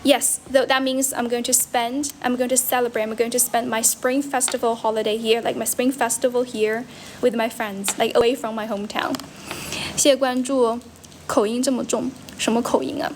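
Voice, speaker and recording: Young chinese woman livestreaming, kinda high voice, a bit of hiss behind. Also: little pitch movement, normal speed. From China. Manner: switches between English and Mandarin, repeats and self-corrects. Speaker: livestream host, English teacher. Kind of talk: casual livestream chat answering comments. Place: friend's house.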